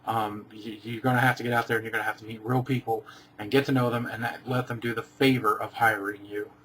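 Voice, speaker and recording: A man's voice: fairly low pitch, flat delivery, fast talker, a bit bright, slight background noise. A man in a casual vlog, reading viewer questions aloud and answering each one dryly and briefly.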